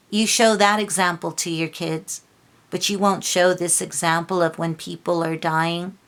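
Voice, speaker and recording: A woman's voice: on the low side, level tone, a little slow, fairly bright tone. A woman from Los Angeles giving a tarot reading, talking in a heated, scolding way with lots of restarts. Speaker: tarot reader.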